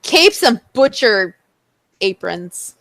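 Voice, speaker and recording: This young woman co-hosts a podcast in easy, casual chat, her voice bright and a little high. She swings her pitch all over as she acts out every line she quotes, and the sound is close and dry. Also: takes it slowly, no room sound. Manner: animated storytelling, acts out quotes. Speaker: podcast co-host.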